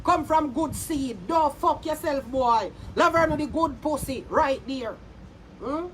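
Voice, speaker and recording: A woman's voice: high-pitched, unhurried, a little hiss or hum. A Jamaican woman vlogger ranting with heated, mocking, cursing insults aimed at a rival. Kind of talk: angry insult rant to camera.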